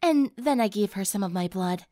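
A woman's voice: medium pitch, animated, normal speed, dark tone, no room sound, clean studio sound, close to an everyday voice. A woman voicing a flippant young female vampire with a nasal voice. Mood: smug.

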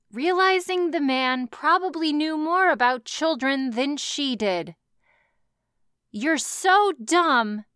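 A woman with a smooth, clear voice reads fan fiction aloud and keeps stopping to roast it. Her asides are sarcastic and full of swearing. The recording is close and dry. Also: sits high, a bit bright, no echo. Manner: sarcastic, profane, laughs often. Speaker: reader reacting to fan fiction. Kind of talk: reading aloud with comic commentary.

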